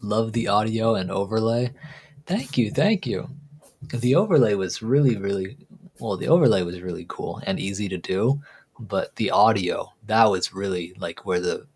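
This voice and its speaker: Laid-back low-voiced man streamer. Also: normal speed, darkish tone, breathy edge. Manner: laid-back, rambling, laughs at own jokes. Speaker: live stream host. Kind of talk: casual chat.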